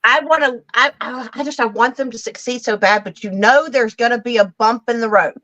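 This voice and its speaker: A woman in a casual live book chat who rambles through her stories with halting restarts. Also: a little high, fairly bright tone, dry recording, dull audio.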